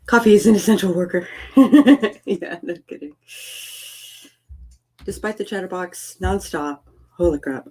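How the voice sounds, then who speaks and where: A woman's voice: low voice, warm tone, low-quality recording. A woman hosting a live stream, chatting casually in a rambling, playful, self-deprecating way. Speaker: livestream host.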